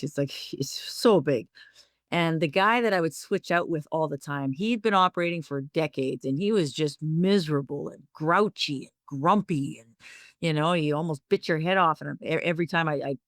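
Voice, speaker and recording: A woman's voice: deep voice, fairly bright tone, no room sound, clean studio sound. A woman co-host, chatty and upbeat, telling a personal story in casual talk.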